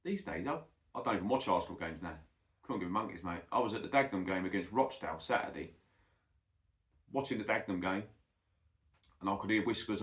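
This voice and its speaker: A man's voice: low-pitched, fairly quick, long pauses, a bit bright. Middle-aged man, blunt sweary rant, echoey room. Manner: blunt and sweary, says "mate" often. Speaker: football vlogger. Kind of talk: casual ranting monologue.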